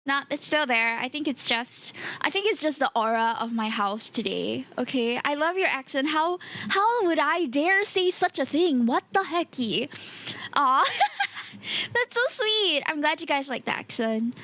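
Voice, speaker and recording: High-voiced, chatty Singaporean woman streamer. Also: big pitch swings, measured pace, sharp tone. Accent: Singaporean English. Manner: chatty, exclaims often, laughs easily. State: a bit tired. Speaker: VTuber streamer. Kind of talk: casual live stream chat.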